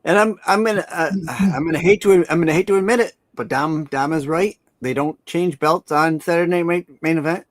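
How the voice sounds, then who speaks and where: A man from upstate New York on a casual wrestling panel, jokey and quick to laugh. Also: fairly high pitch, no echo, studio quality.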